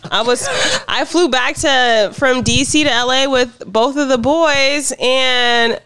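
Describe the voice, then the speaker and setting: A woman's voice: high voice, steady tone, slow, a bit bright, clean tone, dry recording. Giggly woman co-host, rambling. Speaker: podcast co-host. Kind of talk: casual chat.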